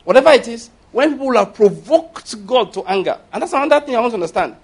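Guy with a high voice preaching, emphatic, asks the crowd questions, reads verses slow and loud. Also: expressive. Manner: emphatic, rising and falling with stress, asks the congregation questions; reads scripture aloud slowly and forcefully. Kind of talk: sermon.

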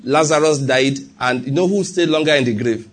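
Husky-voiced male preacher. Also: medium pitch, a little fast. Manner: repetitive preaching, often checks in with the congregation. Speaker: pastor. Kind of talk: sermon.

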